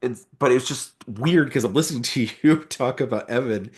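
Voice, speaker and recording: A young adult man co-hosting a podcast, talking casually and explaining things in a relaxed, rambling way. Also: medium pitch, brisk. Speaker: podcast co-host. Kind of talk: casual conversation.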